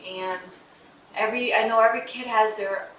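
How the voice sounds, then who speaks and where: Chatty mom vlogger in an echoey room. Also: female voice, fairly high pitch, fairly even intonation, normal speed, a bit bright, recorded from a distance. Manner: heartfelt, chatty, many fillers like "like" and "um". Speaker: vlogger, mother of an autistic son. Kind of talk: casual talk to camera. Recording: echoey room, voice a bit off-mic, faint noise.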